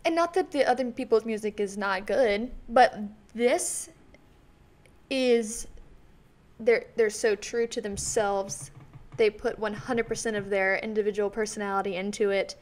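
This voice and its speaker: A woman's voice: medium pitch, unhurried. A young woman co-hosting a casual podcast, talking in an enthusiastic, rambling way. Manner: rambling, enthusiastic, many fillers like "like". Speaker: podcast co-host. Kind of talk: casual chat.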